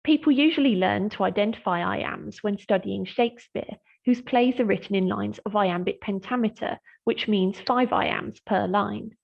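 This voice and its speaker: A woman lecturer in English literature giving a scripted lesson on poetry, explaining in a clear, measured way. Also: mid-range voice, lo-fi sound. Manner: clear, measured explanatory delivery, slowing to read verse aloud.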